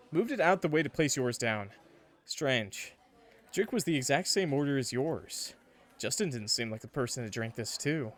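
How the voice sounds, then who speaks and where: A male streamer who reads a dating-sim story aloud, then cuts in with jokes and playful outrage. His voice sits at an ordinary middle pitch and often slides into laughter. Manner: joking, laughs often, mock-outraged asides. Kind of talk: playing and reading a visual novel with commentary.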